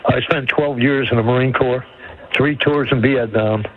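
A man's voice: mid-range voice, fairly even intonation, normal speed. A man in his seventies from Maine, a retired Marine calling in to a radio show and talking in a rambling, folksy way. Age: 70s. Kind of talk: phone-in call. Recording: tinny phone line.

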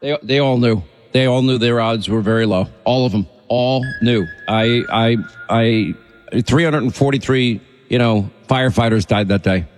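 A man's voice: mid-range voice, normal speed, soft background music. Talk radio host guy, urgent and pushy, some long reverb on him. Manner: forceful, urgent, speaks in rallying lists.

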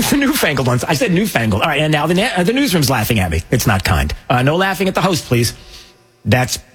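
A man's voice: a little high, very animated, fast talker, a bit bright, husky. A man hosting a casual commentary show, rambling and joking with many fillers and restarts. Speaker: host.

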